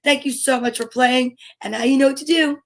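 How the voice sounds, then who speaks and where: A woman with a New Jersey accent hosting a live children's story time, talking to young viewers in an animated, sing-song way. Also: sits high, brisk. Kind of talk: live-streamed children's program.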